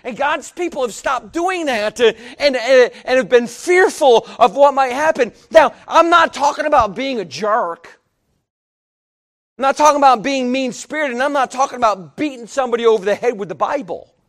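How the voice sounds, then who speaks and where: High-voiced emphatic male preacher. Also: lively intonation, normal speed. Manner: emphatic, swings between hushed and loud. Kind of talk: sermon.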